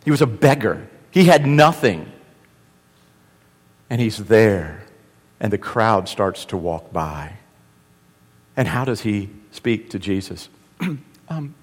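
A man preaching a sermon, telling the story with animated delivery that swings from loud cries to hushed asides. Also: mid-range voice, slow, slightly rough. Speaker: pastor. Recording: long reverb of a large hall.

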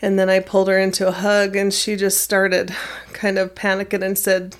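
A woman teacher calmly recounting a personal experience in an interview, measured and plain-spoken. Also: mid-range voice. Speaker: middle school math teacher.

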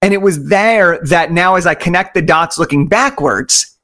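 Male guest with a slightly high voice, an enthusiastic storyteller who hammers his points home. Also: normal speed. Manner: energetic, enthusiastic, emphatic repetition. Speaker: podcast guest. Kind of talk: conversational storytelling.

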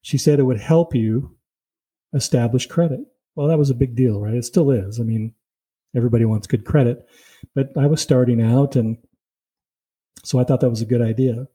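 Guy teaching a bible lesson, super mellow deep-toned voice, chatty storyteller. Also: steady tone, moderate pace, breathy edge, low-quality recording. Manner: conversational, tells personal stories; explains points with "see" and "you know".

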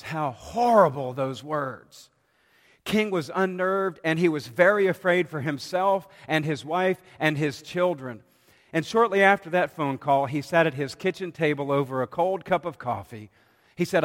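A man preaching a sermon from the pulpit in a measured, dramatic way, with pauses between phrases. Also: fairly high pitch, lively intonation, a bit bright. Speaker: pastor. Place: church sanctuary. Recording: long hall reverb.

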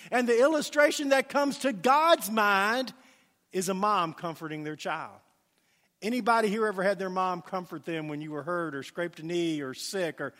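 A man's voice: sits high, fairly bright tone, in a large hall. A middle-aged man preaching a sermon, telling family stories in a folksy way with many fillers, in a church. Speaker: pastor.

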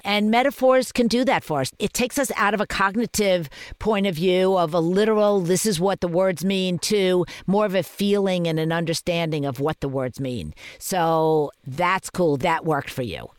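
A woman hosting a parenting podcast, coaching a mother in a calm, affirming, gently guiding way. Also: on the low side, normal speed, hardly any pauses, no echo, studio quality.

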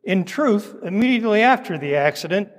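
Male actor as a badgering courtroom lawyer, high pitch, sarcastic, long room echo. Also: animated, a little fast. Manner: pointed, sarcastic questioning. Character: combative male trial lawyer cross-examining a witness.

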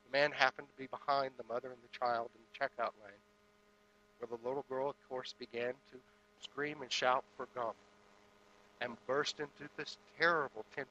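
A man giving a spiritual sermon in a measured, deliberate way, with pauses between phrases. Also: mid-range voice, steady tone, bright, forceful tone, lo-fi sound, slight background noise. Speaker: spiritual speaker.

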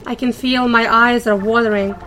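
A woman's voice: a little high, steady tone, normal speed, pushed and bright, slight background noise, poor audio. A woman performing tense first-person narration and inner monologue in an audio drama, with frequent swearing. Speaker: voice actor and writer.

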